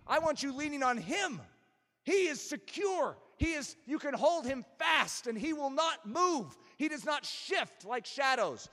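Impassioned preacher man, high lively voice. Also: in a large hall. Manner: impassioned preaching with rising emphasis. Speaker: pastor. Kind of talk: sermon.

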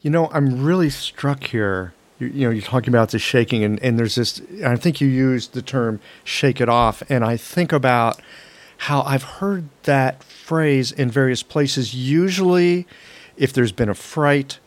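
A man's voice: medium pitch, measured pace. A man hosting an interview, asking follow-up questions and thinking aloud as he connects ideas. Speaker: interview host. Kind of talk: conversational interview.

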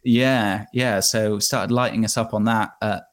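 An Englishman with a lowish voice tells a long anecdote as a guest in a casual interview. He rambles and corrects himself as he goes. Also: fairly even intonation, a little slow. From England.

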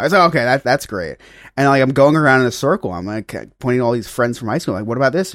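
A man's voice: medium pitch, lively intonation, fast, no room sound, studio quality. A man co-hosting a podcast, telling a long story casually in a rambling, self-mocking way with lots of fillers. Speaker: podcast co-host.

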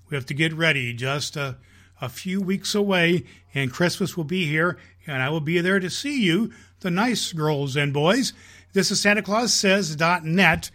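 Jolly slow-talking man as Santa. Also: high voice, fairly bright tone. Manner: jolly, slow and folksy with filler restarts. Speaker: podcast host playing Santa Claus. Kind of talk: storytelling reading aloud.

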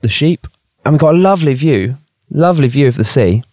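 A man's voice: mid-range voice, fairly quick, no echo, studio quality. A British man hosting a podcast outdoors, joking and spinning silly stories in a casual way. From United Kingdom. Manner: jokey, tells tall tales deadpan. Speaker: podcast host. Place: outdoors on a hillside.

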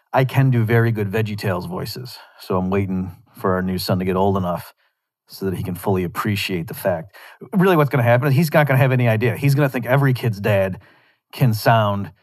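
A man's voice: lowish voice, no echo, clean studio sound. A man hosting his podcast, talking casually in a rambling way, with frequent restarts and wry asides. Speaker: podcast host. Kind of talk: casual monologue.

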